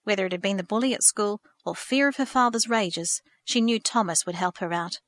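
A woman narrating a storybook in a steady, measured reading. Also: medium pitch, no echo, clean studio sound.

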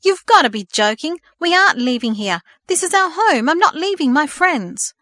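A distraught teenage boy, voiced by a woman, shouts his protest, loud and pitched high. The sound is close and dry, with no room around it. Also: sing-song, moderate pace, no echo, heavily acted. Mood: upset.

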